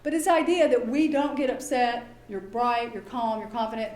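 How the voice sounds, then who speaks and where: A woman giving a talk to parents as a behavior specialist. She is chatty and lively and often acts out quoted dialogue. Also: on the high side, normal speed, reverberant. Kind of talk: presentation to an audience.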